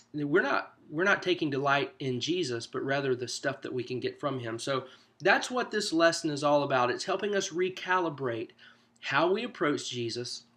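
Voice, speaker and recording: A man's voice: on the high side, bright, forceful tone. A man, a pastor, coaching small group leaders through a discussion guide in a loose, conversational teaching manner. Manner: conversational, loose, with frequent "you know" asides. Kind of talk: informal teaching walkthrough.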